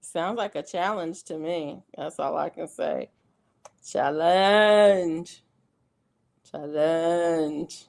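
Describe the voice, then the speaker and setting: A woman's voice: low-pitched, measured pace, creaky, hardly any pauses. A middle-aged woman hosting a casual livestream, chatting and laughing often as she reads viewer comments aloud. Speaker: livestream host. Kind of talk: casual live-stream chat.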